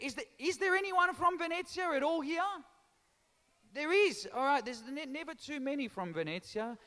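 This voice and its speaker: High-voiced comic working a hall crowd. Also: male voice, bright, forceful tone. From Australia. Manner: teasing, chatty crowd work with Italian phrases. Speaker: stand-up comedian and MC. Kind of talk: live stand-up comedy to a crowd. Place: large town hall stage. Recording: long reverb of a hall.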